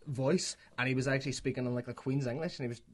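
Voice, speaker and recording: A man's voice: mid-range voice, steady tone, fast talker, crowd noise. A man hosting a podcast, chatting casually about films, swearing and laughing often. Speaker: podcast host. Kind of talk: casual film chat.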